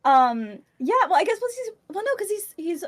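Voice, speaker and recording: A woman's voice: very high voice, sing-song, moderate pace. A woman co-hosting a podcast in casual chat, giggly and rambling with lots of filler. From United States. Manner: giggly, rambling with many ums. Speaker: podcast co-host.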